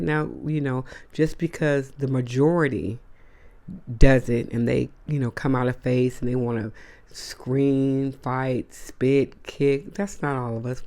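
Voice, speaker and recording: A woman's voice: very deep voice, dark tone. A woman hosting a casual monologue to camera, blunt and emphatic, with slangy asides. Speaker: host.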